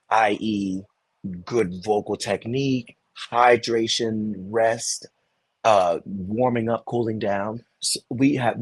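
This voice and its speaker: A man, a Broadway performer, telling animated stories in an interview, with many restarts. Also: fairly low pitch, husky. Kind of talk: conversational interview.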